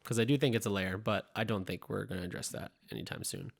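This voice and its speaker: A man co-hosting a casual podcast, retelling scenes in an animated way with quoted voices. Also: lowish voice, quick pace, gravelly. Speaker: podcast co-host.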